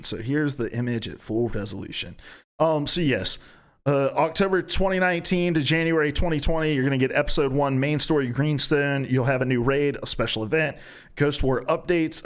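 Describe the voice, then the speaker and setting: Young man, gaming news host, casual and profane, acts out imagined dialogue, average pitch. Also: brisk. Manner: profane, animated storytelling, acting out imagined dialogue. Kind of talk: casual news rundown with comic riffs.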